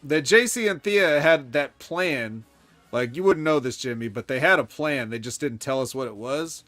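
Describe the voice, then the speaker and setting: A man's voice: mid-range voice, expressive, normal speed, fairly bright tone, dry recording, faint music behind. A man co-hosting a podcast, chatting casually with a dry, sarcastic manner. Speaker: podcast co-host. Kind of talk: casual wrestling banter.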